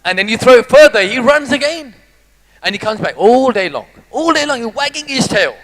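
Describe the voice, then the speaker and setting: High-voiced, animated motivational speaker man. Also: a little fast, low-quality recording. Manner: animated, jokey, teases the audience. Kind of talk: live motivational talk.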